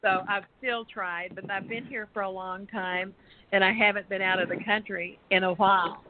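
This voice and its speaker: A woman's voice: medium pitch, fairly even intonation, normal speed. An older woman with a Texas accent, a guest on a talk show, chatting in a rambling way and laughing often. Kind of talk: casual chat on a radio talk show. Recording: tinny phone line.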